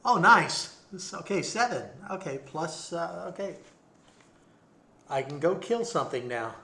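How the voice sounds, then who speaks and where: A man playing in a tabletop game, chatting casually and hesitantly, with drawn-out fillers. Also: on the high side, big pitch swings, pushed and bright. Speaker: player.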